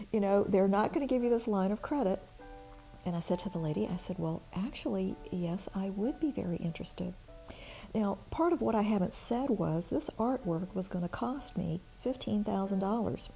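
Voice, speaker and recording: A middle-aged woman, a small business owner, telling a personal story in an interview, animated and acting out remembered conversations. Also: fairly low pitch, rough recording.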